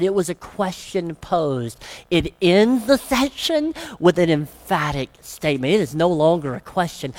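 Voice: medium pitch, animated, normal speed, darkish tone. A pastor preaching a sermon, emphatic and fond of rhetorical questions.

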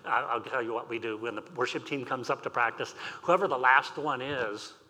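A man's voice: mid-range voice, fairly quick, pushed and bright. An older man preaching a sermon as pastor, reading scripture and telling personal stories with light humor. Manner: reads scripture aloud then tells personal stories with humor. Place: church sanctuary. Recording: long reverb in a large hall.

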